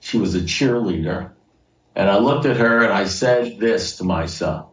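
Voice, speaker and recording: A man's voice: mid-range voice, animated, normal speed. A middle-aged man telling his story at a recovery meeting, casual and conversational, repeating phrases for emphasis. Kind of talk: personal share at a recovery meeting. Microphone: video call. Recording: roomy, distant, dull video call audio.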